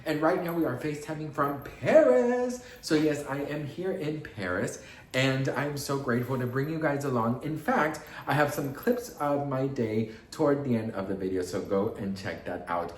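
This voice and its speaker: A man hosting a chatty celebrity commentary vlog in a sassy, campy, animated way, calling viewers best friend. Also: medium pitch, moderate pace, reverberant, slight background noise. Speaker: YouTube commentary host. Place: in Paris, in a room.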